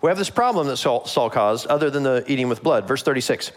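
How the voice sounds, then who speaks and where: A man's voice: mid-range voice, expressive, quick pace, few pauses. A man preaching a casual sermon, reading scripture and acting out the characters in a joking, modern voice, laughing often. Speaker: pastor.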